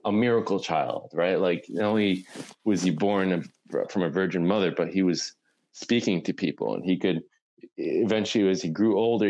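Low-voiced man; loose, rambling conversational storyteller. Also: darkish tone, dull audio. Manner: rambling retelling, full of "like" and "right?". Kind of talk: casual conversation.

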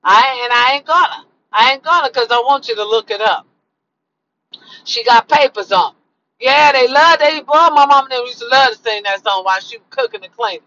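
Sassy woman vlogger, slangy preachy advice, bright tense voice, dull lo-fi recording. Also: sits high, expressive, fairly quick. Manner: slangy, sassy, repeats lines for emphasis. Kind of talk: casual preachy advice monologue.

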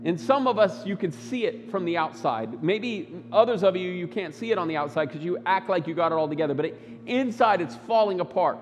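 A man preaching a Sunday sermon as pastor, emphatic, swinging between loud bursts and quiet low lines. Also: animated, fairly quick, in a large hall, slight background noise. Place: church sanctuary.

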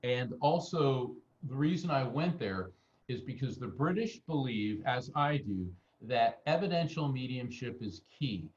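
A man's voice: mid-range voice, measured pace, lo-fi sound. An American man, a guest medium, telling anecdotes in an interview and acting out the people he quotes. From United States. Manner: animated anecdotal storyteller, acts out quotes. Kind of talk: interview storytelling.

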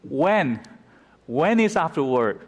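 A man's voice: on the high side, sing-song, takes it slowly. Man preaching in an echoing hall. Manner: expository, dramatic when quoting scripture. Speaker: pastor. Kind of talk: sermon. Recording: reverberant hall.

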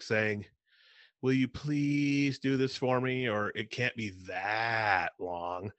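A man co-hosting a podcast who rants with animated exasperation. His voice is bright and forceful. The recording is dry and close. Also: on the low side, dry recording. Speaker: podcast co-host. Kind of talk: casual chat.

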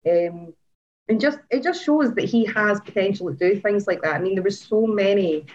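A woman chatting excitedly on a podcast, gushing and laughing often. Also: mid-range voice, moderate pace, muffled recording. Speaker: podcast co-host. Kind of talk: casual chat about motor racing.

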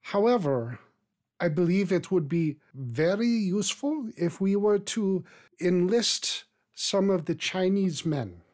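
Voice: medium pitch, lively intonation, slow pace, a little mellow. A game master voicing a formal, gracious old woman over eighty with a put-on accent that wanders. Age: older. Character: elderly female labor organizer, over eighty, gracious.

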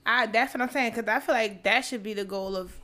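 A woman's voice: on the high side, brisk, pushed and bright. A woman co-hosting a podcast in casual banter, blunt and profane, often laughing. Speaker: podcast co-host.

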